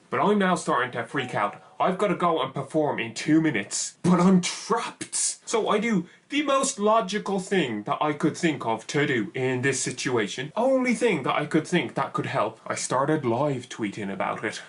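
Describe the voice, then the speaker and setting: A young man telling a funny personal story in an animated, exaggerated comic way. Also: a little high, moderate pace, few pauses. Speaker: YouTuber. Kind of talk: comedic story time.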